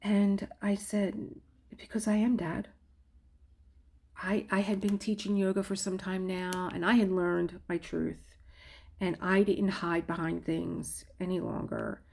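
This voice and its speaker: A middle-aged woman telling a personal story candidly, halting often and restarting her sentences. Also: mid-range voice, flat delivery, creaky. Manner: candid, halting, with frequent restarts and soft laughs.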